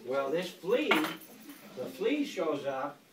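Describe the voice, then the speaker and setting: In an echoey classroom packed with loud kids, an older grandfather reads a picture book aloud as a guest, his slightly high voice moving at a slow pace. The mic sits far from him, and he reads with playful animation, frequently pausing to quiz the children.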